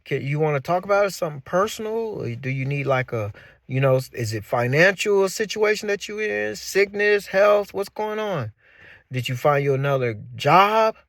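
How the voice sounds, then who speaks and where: A man's voice: high voice, lively intonation, moderate pace, fairly bright tone, dry recording, studio quality, distant mic. A man putting on the voice of his former boss, a middle-aged man pressing him with coaxing questions. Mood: probing. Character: concerned middle-aged male boss, probing.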